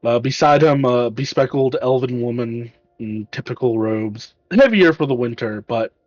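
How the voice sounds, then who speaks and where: Halting male game master, dull sound. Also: medium pitch, dry recording. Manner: casual, halting narration with restarts. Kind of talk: narrating a tabletop game.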